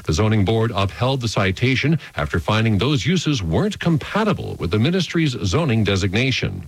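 A man anchoring a radio newscast, reading the stories in a steady, formal delivery. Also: lowish voice, slightly rough, no room sound, rough recording.

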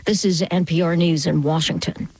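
A woman newscaster reading the national radio news with a measured, crisp delivery. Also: lowish voice, steady tone, darkish tone, low-quality recording. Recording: dry studio sound.

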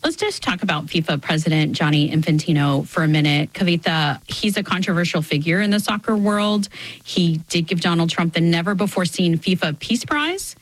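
A woman's voice: lowish voice, animated, a little fast, no room sound, poor audio. A woman hosting a radio interview in a conversational, lightly joking manner. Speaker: radio show host.

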